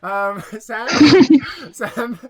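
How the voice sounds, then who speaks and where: Giggly high-voiced comedy host. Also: male voice, expressive, extremely slow. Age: young adult. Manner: giggly and flustered, stumbling over his words. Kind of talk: casual hosting on a video call. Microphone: laptop or headset mic on a video call.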